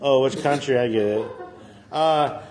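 A man co-hosting a comedy podcast, telling stories in a lively, swearing, animated way and mimicking other people. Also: mid-range voice, measured pace. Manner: animated storytelling, swearing, mock voices. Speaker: podcast co-host. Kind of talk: casual comedic podcast banter.

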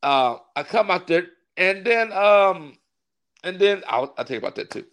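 A man, a pastor, tells a long story in a relaxed interview. His voice sits a little high, and he is animated, often laughing as he acts out the people in his story. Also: moderate pace. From California. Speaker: pastor and wrestling ring announcer.

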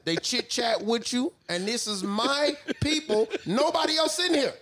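A man co-hosting a casual chat, animated and joking, heavy on slang. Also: very high voice, a little slow. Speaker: podcast co-host.

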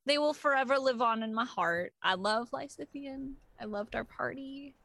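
A woman's voice: sits high, moderate pace, vocal fry, a bit bright, dry recording. Rambling woman, dry close sound. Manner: rambling, many "like" fillers. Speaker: tabletop game player. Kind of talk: casual chat.

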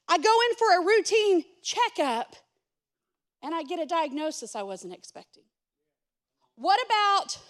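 Woman pastor, very high voice, sermon delivered as an animated self-mocking story.

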